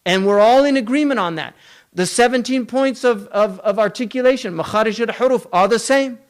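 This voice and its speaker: A man's voice: very high voice, fairly quick. A man giving a religious lecture, emphatic, running through long lists and asking rhetorical questions. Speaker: Islamic scholar lecturing.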